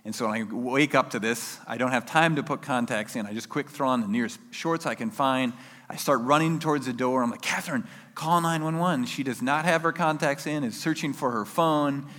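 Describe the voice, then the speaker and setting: A man delivers a sermon as a lively personal story, jumping into loud acted-out shouts. His voice has a bright, forceful edge. The sound carries a long hall reverb. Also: mid-range voice, a little fast. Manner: animated storyteller acting out his own yells. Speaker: preacher.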